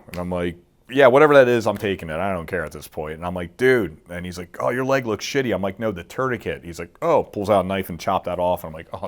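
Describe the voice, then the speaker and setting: A man's voice: deep voice, a bit bright. A middle-aged man telling a war story in a casual interview, acting out quotes and swearing freely. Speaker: guest, military veteran.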